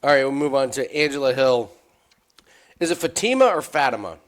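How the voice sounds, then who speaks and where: Excitable, laughing man talking fight picks. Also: mid-range voice, moderate pace. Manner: excitable, laughs often, stammers on restarts. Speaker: sports betting analyst. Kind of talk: casual podcast chat.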